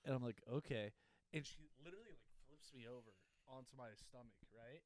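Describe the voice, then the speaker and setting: A man co-hosting a comedy podcast, an animated storyteller who laughs often, speaking into a studio microphone. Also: medium pitch, quick pace. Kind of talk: casual comedic chat.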